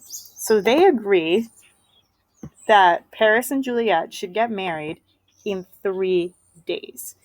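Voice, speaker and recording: A woman's voice: fairly high pitch, lively intonation, slow pace, dry recording, rough recording. A woman teacher giving a casual, chatty lesson summary, full of fillers.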